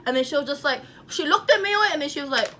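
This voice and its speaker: Fast, bright-voiced young New woman. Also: high voice, lively intonation, a little hiss or hum. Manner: heated, profane storytelling. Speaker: vlogger. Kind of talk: casual storytime chat.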